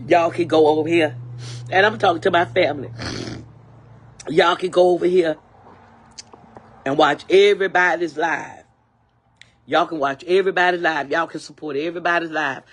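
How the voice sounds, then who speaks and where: An older woman on a livestream, ranting angrily and repeating herself, swearing freely, with a husky voice. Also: on the low side, moderate pace, a bit bright. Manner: angry, repetitive, profane. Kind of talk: angry livestream rant.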